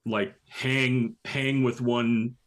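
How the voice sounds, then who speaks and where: A man playing a tabletop game, describing his character's moves slowly and hesitantly. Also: mid-range voice, little pitch movement. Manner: slow, hesitant, many fillers. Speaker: player. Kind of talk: tabletop role-play, casual.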